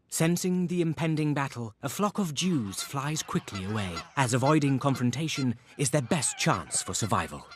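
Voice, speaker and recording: Brief: male narrator, mock nature documentary, solemn, lively pitch, dry sound. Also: dry recording. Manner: solemn, measured.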